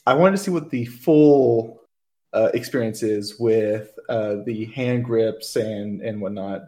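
A man's voice: on the low side, slow pace, dark tone. A man co-hosting a podcast, laid-back and a little hesitant in casual chat. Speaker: podcast co-host.

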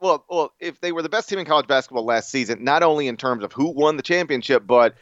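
An American man co-hosting a casual sports podcast, joking and laughing as he talks, with lots of quick restarts. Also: on the high side, a bit bright, no room sound, highs cut off. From United States. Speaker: podcast co-host.

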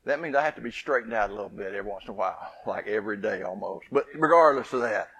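Husky-voiced male preacher telling a story. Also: fairly low pitch, fast, no echo. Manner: lively storytelling that drops to soft, hushed lines. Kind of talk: sermon.

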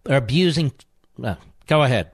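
A man's voice: medium pitch, expressive, normal speed, husky, no room sound. A man hosting a talk radio show, delivering a combative, sarcastic monologue full of mocking insults.

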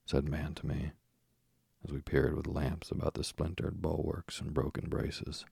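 Super deep raspy guy reading a sleepy story, flat and slow, dry close mic. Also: no room sound. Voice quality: deep gravelly voice. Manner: soft, even, unhurried delivery. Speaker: narrator.

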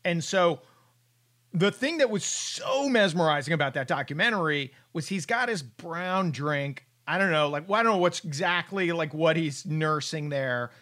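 A man's voice: a little high, lively intonation, moderate pace, pushed and bright. A man hosting a casual sports chat, riffing with profane, sarcastic humor.

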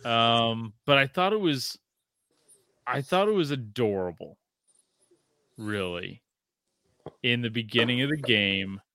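Excitable, foul-mouthed man hosting a podcast. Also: medium pitch, clear, resonant tone, dry recording, clean studio sound. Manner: excitable, profane storytelling. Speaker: podcast host. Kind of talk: casual sports chat.

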